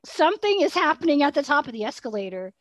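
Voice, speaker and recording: A woman, co-hosting a podcast and telling an animated story, laughing as she goes. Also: high voice, fast, no echo. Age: 40s. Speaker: podcast co-host. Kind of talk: casual storytelling chat.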